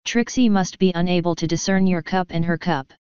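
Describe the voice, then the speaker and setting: A woman's voice: fairly low pitch, a little fast, a little mellow, smooth, no echo, natural voice. Trixie, a woman doing a haughty unicorn showmare. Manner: refers to herself in the third person. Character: boastful female unicorn showmare, proud and demanding. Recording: dull lo-fi dry recording.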